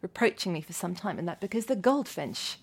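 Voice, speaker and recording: A woman hosting a relaxed conversation, asking thoughtful questions and joking at her own expense. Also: fairly low pitch, brisk, slightly rough. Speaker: interviewer. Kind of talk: casual interview chat.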